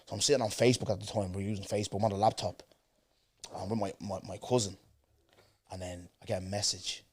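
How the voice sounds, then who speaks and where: A man's voice: fairly low pitch, fast, husky. Slangy man telling a story. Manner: slangy, animated, with restarts and asides. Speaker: podcast host. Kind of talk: casual storytelling chat.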